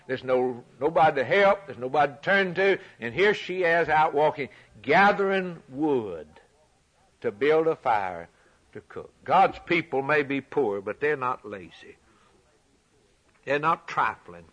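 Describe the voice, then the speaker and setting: A man preaching a sermon, emphatic and repetitive, rising loud for scripture and dropping quiet for key points. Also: a little high, sing-song, unhurried. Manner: emphatic, repeats phrases, swings from loud to quiet; reads scripture aloud in a raised voice.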